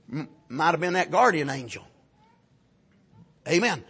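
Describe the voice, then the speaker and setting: A man preaching a fervent sermon, often rising to shouts and punctuating his points with amens. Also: fairly high pitch, animated, a little slow, long pauses, slightly rough.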